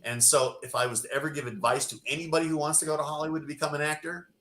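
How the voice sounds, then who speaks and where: A man telling a long profane story as a podcast guest, loud and animated. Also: on the high side, rapid-fire, roomy sound, poor audio. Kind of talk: casual storytelling.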